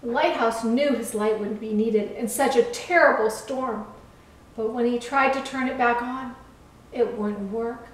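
A woman in a church setting reading a children's story aloud in a slow, expressive, kid-friendly way. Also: fairly high pitch. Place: church room. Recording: echoey room, far from mic.

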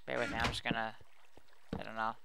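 A man's voice: fairly low pitch, completely flat delivery, fast, creaky, background noise. A man giving casual, rambling commentary while building in a video game, chatty and self-mocking as he talks to his viewers. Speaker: let's play host.

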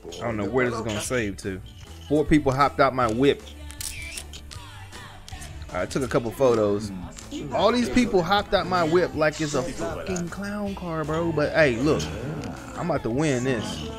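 Male gaming commentator, animated and profane, very lively pitch. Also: moderate pace, pauses often, music in the background. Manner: animated, slangy, profane reactions. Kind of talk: let's play commentary.

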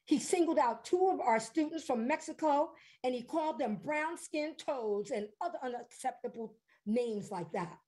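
A woman storyteller voicing a bustling, indignant woman teacher who speaks briskly and urgently. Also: sits high, animated, warm tone, voice pushed up.

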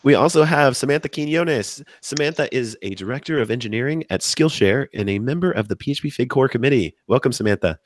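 A man hosting a live podcast, hoarse and deep-voiced from a cold, chatty and upbeat as he wanders off topic. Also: expressive, fast talker, few pauses, no room sound. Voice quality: deep from sickness. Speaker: podcast host.

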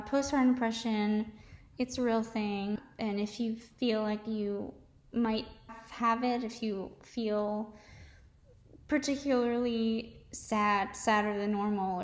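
A young woman with a slightly high voice shares her own story in a candid, confessional way. She restarts and trails off often. The recording has a noticeable room echo. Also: a little mellow. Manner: halting and confessional, with many restarts and fillers. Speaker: mom vlogger sharing her story. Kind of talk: candid personal testimony.

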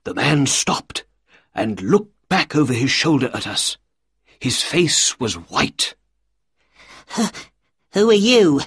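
A man narrating a storybook for learners in a slow, clear way. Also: mid-range voice, sing-song, fairly bright tone, no echo, clean studio sound.

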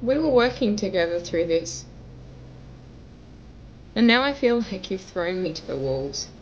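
A woman's voice: medium pitch, expressive, measured pace, muffled recording, slight background noise. A young woman vlogger making an emotional message to camera, pleading and tearful, her voice breaking as she cries at times. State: crying at times.

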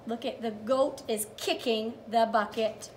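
A woman's voice: on the high side, fairly even intonation, a little mellow, slight background noise. A young woman teacher reading a picture book to small children, sing-song and encouraging, praising each step and acting out animal sounds. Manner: drawn-out storytelling with animal sounds.

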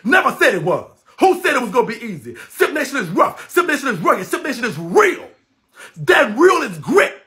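Brash high-voiced New man ranting. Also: big pitch swings, moderate pace. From New Orleans, Louisiana. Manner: brash, loud, laughing, heavy cursing. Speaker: livestream host. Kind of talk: profane livestream rant. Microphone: phone livestream.

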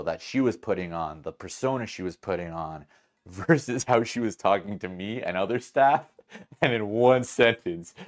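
A man hosts his own podcast, telling a story in a low voice. He rambles with animation and keeps correcting himself mid-sentence. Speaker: podcast host. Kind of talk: casual storytelling.

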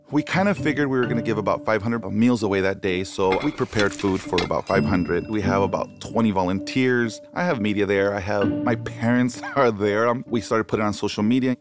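A middle-aged man, a restaurateur and chef, telling stories animatedly in an interview and dropping into Spanish phrases, seated on an outdoor patio. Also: on the low side. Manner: animated storyteller, code-switches into Spanish phrases. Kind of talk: storytelling interview. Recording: music playing under the voice.

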